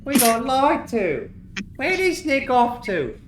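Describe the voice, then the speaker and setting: A man's voice: very high voice, wildly swooping pitch, slow pace, roomy sound, faint music behind, pitched above the performer's own voice, heavily acted. A man voicing a betrayed male goblin who talks indignantly.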